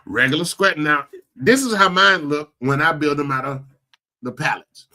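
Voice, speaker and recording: A man from Florida hosts a casual live stream from his home computer setup, talking about side businesses in an animated, incredulous way with lots of restarts. His voice is a little high and he speaks at a normal speed.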